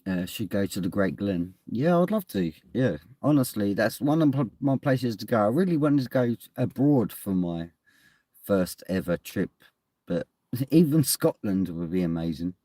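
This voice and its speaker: Guy rambling on his stream, laughs a lot, swears a bit, lowish voice, dead dry sound. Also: expressive, moderate pace, warm tone, no room sound. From England. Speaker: streamer reading chat. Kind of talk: casual live-stream chat. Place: at home indoors.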